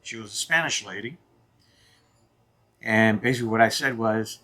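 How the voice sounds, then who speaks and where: Vlog host, man in his 50s, husky voice, earnest and emphatic storyteller. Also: fairly low pitch, normal speed, long pauses, bright, forceful tone. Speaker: channel host.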